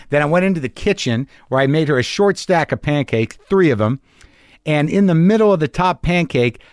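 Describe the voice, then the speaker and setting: A man's voice: on the high side, no room sound, clean studio sound. A middle-aged man hosting a podcast, telling a rambling, profane, self-mocking story in a casual monologue. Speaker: podcast host.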